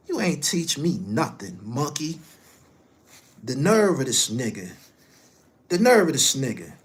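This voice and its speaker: A middle-aged man delivering a heated, profane rant, scolding someone directly and swinging between loud outbursts and low muttering. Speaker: commentary host.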